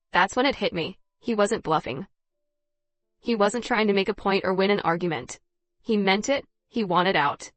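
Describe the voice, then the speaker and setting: A woman narrating a dramatized first-person story in an even, measured reading voice. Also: medium pitch, no echo.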